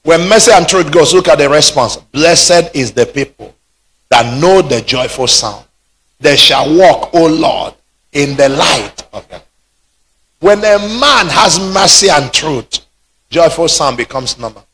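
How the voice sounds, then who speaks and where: A man preaching a sermon, rising into shouted peaks. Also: a little high, expressive, unhurried, a little hiss or hum. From Nigeria. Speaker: pastor.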